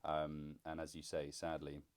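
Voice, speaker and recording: A man with an extremely deep, level voice talks in a relaxed, casual way. He listens supportively, chiming in with short replies and laughing easily. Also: unhurried, clear, resonant tone. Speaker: podcast co-host, son. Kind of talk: casual conversation.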